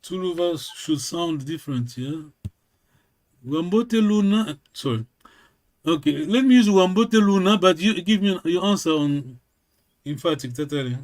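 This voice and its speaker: A man's voice: on the high side, lively intonation, measured pace, darkish tone. A man teaching a language lesson, patiently correcting and repeating with many fillers.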